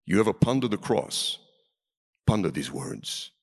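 Male preacher for a sermon: slow, very expressive delivery with wide pitch swings, long hall reverb. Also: gravelly. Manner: dramatic, swings from loud calls to near whispers. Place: large hall with a seated audience.

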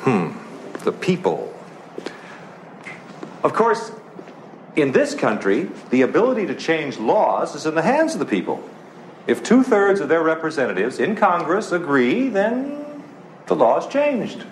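A man's voice: on the high side, huge pitch swings, a little slow, pauses often, echoey room, a little hiss or hum, heavily acted. An actor playing a skeptical, dry male classroom teacher in a TV show. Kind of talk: 1980s TV sitcom acting.

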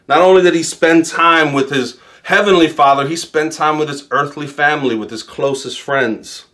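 New York pastor preaching with humor. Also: male voice, on the high side, a bit bright. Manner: storytelling with humor, quoting himself. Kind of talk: sermon.

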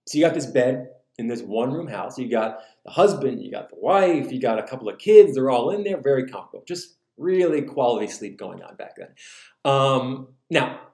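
A man's voice: medium pitch, a little mellow. A man preaching a casual, humorous sermon, acting out little scenes as he retells a parable. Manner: conversational, jokey, acts out scenes. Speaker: pastor. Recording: roomy echo.

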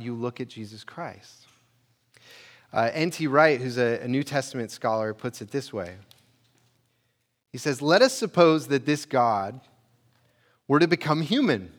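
A man delivering a sermon in a relaxed, conversational way. He lifts his voice on questions and emphatic points, then sinks low and quiet on key lines. His pitch sits in an ordinary middle range for a man. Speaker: pastor.

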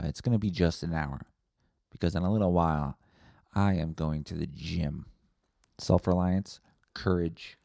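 Low, dark-voiced man on a podcast. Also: vocal fry, no echo, studio quality. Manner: profane, rambling and blunt. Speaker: podcast host. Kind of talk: casual solo podcast monologue.

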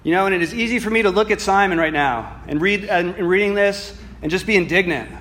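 Earnest male preacher, slightly high voice. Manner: earnest, builds from soft reflection to emphatic bursts; reads scripture slowly and deliberately. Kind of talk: sermon.

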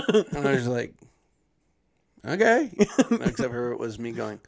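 Gravelly man telling a story. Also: mid-range voice, a little slow. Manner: animated, acts out other people's lines in a put-on voice. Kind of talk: casual storytelling chat.

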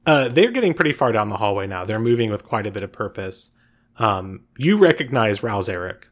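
A man narrating as game master of a tabletop game, relaxed and filling pauses with uh and um. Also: on the low side. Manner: relaxed, frequent uh and um fillers.

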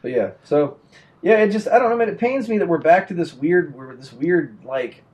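A man's voice: on the high side, expressive, moderate pace, a little mellow. A young adult man chatting casually and telling a rambling story, full of restarts and fillers.

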